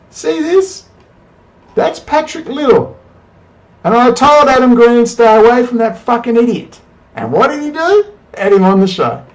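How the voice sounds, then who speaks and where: Male host, heated profane rant, high-pitched voice. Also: low-quality recording. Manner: angry, profane, rambling rant. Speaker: commentary host. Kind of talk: ranting political commentary.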